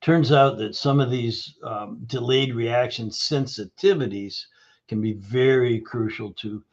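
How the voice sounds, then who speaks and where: Lively storytelling man, dull audio. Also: medium pitch, a little slow. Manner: animated storyteller acting out dialogue. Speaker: guest, nutrition practitioner. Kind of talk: storytelling interview answer.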